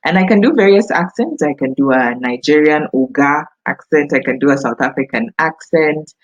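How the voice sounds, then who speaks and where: A woman in her thirties with a Kenyan accent, a voice-over artist talking casually to camera in a warm, authoritative, confident way, with frequent ums. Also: low-pitched, animated, normal speed, dull audio.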